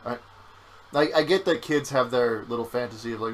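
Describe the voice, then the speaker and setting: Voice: mid-range voice, sing-song, moderate pace, a little hiss or hum, rough recording. A young adult game streamer in casual gameplay chat, teasing and swearing often. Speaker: game streamer playing through the game.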